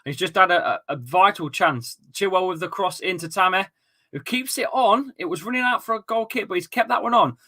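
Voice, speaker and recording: A young man with a bright, forceful voice calls a football match live for his viewers, chatting and reacting. He gets excitable and sometimes bursts into shouts and swearing. His pitch sits a touch high. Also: a little fast. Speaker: football watchalong host. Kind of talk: live match commentary and chat.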